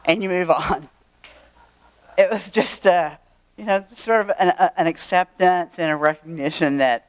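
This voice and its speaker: An older woman with a drawl tells a personal story before a live audience, chatty and full of wry asides. Her voice is smooth and clear, with a dry, close sound. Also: on the low side, moderate pace, no room sound. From Texas. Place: event room.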